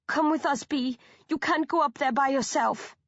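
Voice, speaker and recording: A woman voicing a frightened young undead girl who talks in a high, pleading, whimpering way. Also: moderate pace, a bit bright, no room sound, lo-fi sound.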